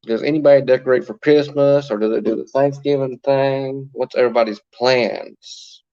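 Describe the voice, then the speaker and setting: A man's voice: medium pitch, fairly even intonation, normal speed, warm tone. Man, livestream host, casual chatty talk, answers viewer comments, phone mic, muffled lo-fi audio.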